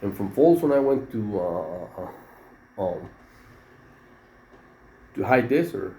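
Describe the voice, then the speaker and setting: A man's voice: fairly low pitch, expressive, slow pace, warm tone. A middle-aged man, a former prison inmate telling a rambling story full of slang and fillers. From Mexico. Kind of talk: casual storytelling. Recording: roomy echo with faint background noise.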